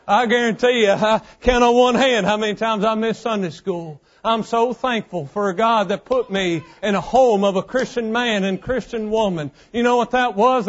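A man in his thirties preaching a sermon with a fervent, repetitive cadence. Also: high voice. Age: 30s. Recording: dull lo-fi sound.

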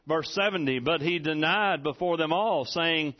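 A middle-aged man delivers a folksy church sermon from the pulpit. His voice sits on the higher side, and he climbs into loud, excited preaching. The recording is dull and lo-fi. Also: moderate pace, hardly any pauses. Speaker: pastor.

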